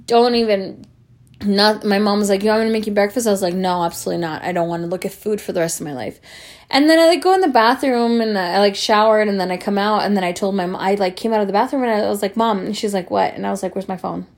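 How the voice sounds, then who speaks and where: A young woman who grew up speaking tells a long personal story in a casual, animated way, swearing and acting out what others said. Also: medium pitch, fast. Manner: animated, swearing, acts out quoted voices.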